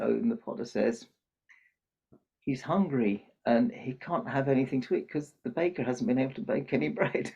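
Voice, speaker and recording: A slightly rough, mellow, creaky mid-range voice belongs to an older man who plays Santa, speaking a little fast as he tells a children's story on a podcast and acts out the lines. Audio quality is muffled and lo-fi.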